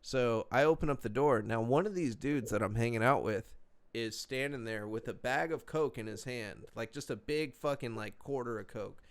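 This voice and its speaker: A man's voice: medium pitch, moderate pace, smooth. Resonant-voiced young man telling a story. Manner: profane, laid-back slang with many fillers. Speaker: podcast co-host telling a story. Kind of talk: casual storytelling chat.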